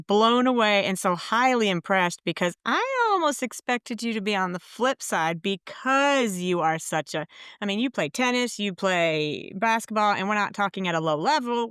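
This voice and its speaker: A woman's voice: mid-range voice, moderate pace, a bit bright, smooth, no room sound, clean studio sound. A woman hosting a podcast interview, talking in an effusive, encouraging way. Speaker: podcast host. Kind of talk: conversational interview.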